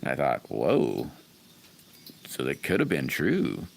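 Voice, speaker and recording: A very deep, creaky voice with wildly swooping pitch comes from a middle-aged man hosting a casual livestream at a slow pace, with a little hiss or hum in the background. He rambles folksily while reading viewer comments, chuckling often as he answers each person by name.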